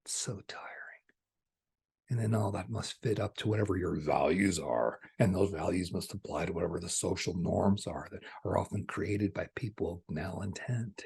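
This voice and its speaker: A man delivering a channeled spiritual message, soft-spoken and at times hushed. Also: sits low, moderate pace, creaky, hardly any pauses, husky.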